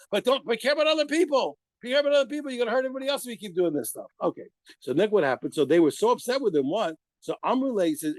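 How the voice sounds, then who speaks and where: A man with a high voice leads a lively Talmud class, speaking emphatically to his students and firing off rhetorical questions. There's no echo.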